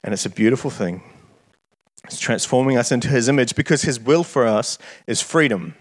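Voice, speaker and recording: A man's voice: mid-range voice, expressive, brisk, slightly rough. A man preaching a sermon in an earnest way, often repeating words as he starts his phrases.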